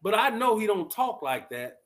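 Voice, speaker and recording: Streamer, male, high-pitched and expressive, slow deliberate delivery, blunt opinionated talk to chat. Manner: blunt, animated, addresses viewers directly. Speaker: vlogger reacting to live chat. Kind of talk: casual commentary on a live stream.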